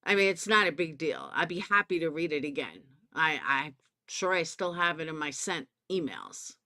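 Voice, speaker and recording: Sarcastic Southern woman ranting, bright voice. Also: deep voice, lively intonation, moderate pace. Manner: sarcastic, profane, confrontational. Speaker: commentary YouTuber. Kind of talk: ranting drama commentary.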